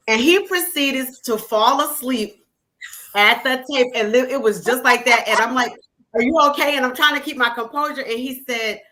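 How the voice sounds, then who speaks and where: Bright, unfiltered woman telling stories. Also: high-pitched, normal speed. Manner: animated, laughing, unfiltered storyteller. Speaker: guest. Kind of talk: casual storytelling.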